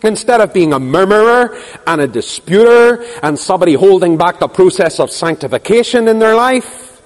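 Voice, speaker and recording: High-voiced preacher in reverberant hall. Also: male voice, lively intonation, normal speed. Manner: impassioned, rhetorical questions, repeats phrases for emphasis. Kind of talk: sermon.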